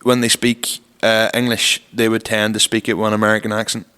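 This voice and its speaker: Guy rambling on a podcast, lowish smooth voice, bit of reverb. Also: monotone, a little fast, bright, forceful tone. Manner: rambling storyteller, lots of "like" fillers. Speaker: podcast co-host. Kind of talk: casual chat.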